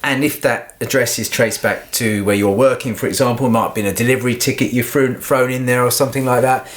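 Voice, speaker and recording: A man co-hosting a podcast, chatting casually, agreeing often and calmly giving advice. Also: medium pitch, fast talker. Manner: calm, advising, lots of agreeing. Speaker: podcast co-host. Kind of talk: casual chat.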